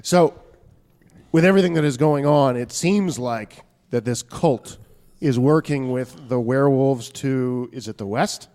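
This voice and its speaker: Tabletop player, male, formal in-character reporting voice, mid pitch. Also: measured pace, a little mellow.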